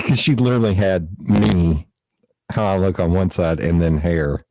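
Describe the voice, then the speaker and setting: A man with a low voice hosts a relaxed podcast chat. He tells stories with animation and breaks into laughter often. The sound is dry and close, with no room around him. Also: unhurried, no room sound, poor audio. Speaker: podcast host. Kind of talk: casual storytelling chat.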